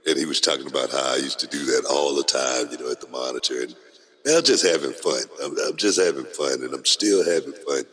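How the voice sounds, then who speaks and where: A middle-aged man with a very deep yet bright voice talks in a lively, animated way. His tone is a little husky, and the sound rings with a long hall reverb. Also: quick pace. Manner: animated, laughs often, repeats words. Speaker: podcast host. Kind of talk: casual podcast chat.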